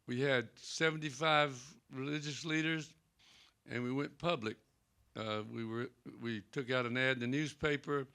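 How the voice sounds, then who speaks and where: Older Southern man, gravelly storyteller. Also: mid-range voice, fairly even intonation, moderate pace, pushed and bright. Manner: folksy anecdotal storytelling, acts out quoted dialogue. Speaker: Presbyterian pastor and panelist. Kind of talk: storytelling on a library panel. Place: library event room.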